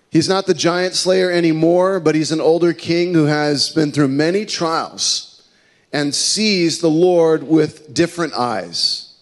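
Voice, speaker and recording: Man preaching in a light, conversational voice. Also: fairly high pitch. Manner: storytelling, conversational with fillers. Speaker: pastor. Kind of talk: sermon.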